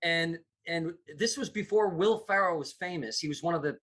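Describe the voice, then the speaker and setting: Animated storytelling man, bright voice. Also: fairly high pitch, normal speed. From United States. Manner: animated, acts out quoted voices. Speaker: guest, comedy producer. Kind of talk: casual storytelling.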